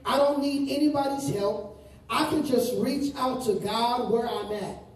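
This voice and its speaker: A male pastor preaching a sermon to a congregation, stressing words and stretching out key phrases slowly. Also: very high voice. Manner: emphatic preaching with slow drawn-out phrases. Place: large room with congregation. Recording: very echoey room, distant mic.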